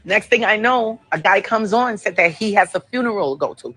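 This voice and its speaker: A woman filming herself on her phone at an airport, upset and firing off sharp questions. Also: mid-range voice, brisk, breathy edge, rough recording. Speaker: vlogger. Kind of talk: filming herself in a casual rant.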